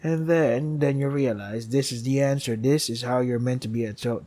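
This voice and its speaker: With a steady tone and moderate pace, a man reads aloud from a visual novel in his let's play, muttering sardonic asides between lines. Sighs come often, and his side comments sink soft and low.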